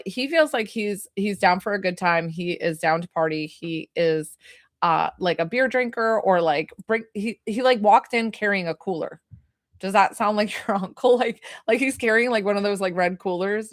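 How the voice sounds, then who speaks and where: A chatty woman gives a live psychic reading, piling up "like" fillers as she goes. Her voice sits at a middling pitch. The sound is dry and close, with no room echo. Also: moderate pace. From New York. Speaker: psychic medium.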